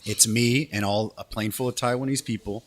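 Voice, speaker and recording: A man's voice: mid-range voice, a little fast. A man, a radio DJ, telling a story in a casual, slangy interview. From Canada. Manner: animated storyteller, laid-back slangy talk. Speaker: radio DJ guest.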